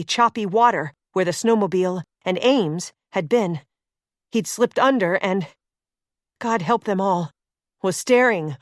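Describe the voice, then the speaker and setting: A woman reading a suspense novel as audiobook narrator, in a steady, measured way. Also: mid-range voice, no echo, clean studio sound.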